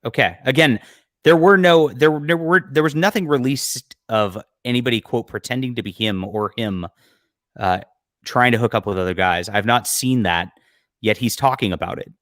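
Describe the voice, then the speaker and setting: On his livestream, a man talks over a clip with mocking, blunt commentary and frequent fillers, at a normal pace. His voice is medium-pitched and a bit bright, recorded dry with clean studio sound.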